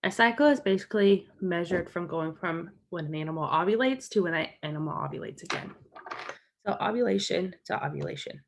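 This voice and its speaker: A woman's voice: on the low side, lively intonation, fairly quick, creaky. A woman explaining a topic as a college lecturer in a recorded lecture, walking through slides and recapping key points.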